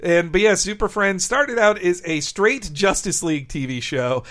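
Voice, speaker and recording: An enthusiastic podcast co-host who laughs easily, with a fairly high voice for a man. He talks about cartoons in a relaxed, casual way. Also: moderate pace. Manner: enthusiastic, giggly. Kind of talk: casual chat.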